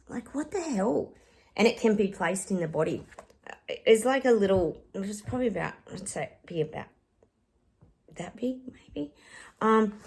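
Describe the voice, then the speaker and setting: A woman's voice: mid-range voice, vocal fry, husky. A woman chatting casually to her vlog viewers from home, with a bit of a cough and lots of "um"s and "guys". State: coughing, slightly hoarse. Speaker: psychic YouTuber. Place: home living room.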